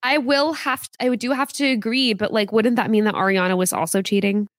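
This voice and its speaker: A woman's voice: fairly high pitch, steady tone, fairly quick, no echo, studio quality. A young woman co-hosting a celebrity gossip podcast, speaking in an outspoken, reflective way with lots of fillers. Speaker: podcast co-host. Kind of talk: casual celebrity gossip chat.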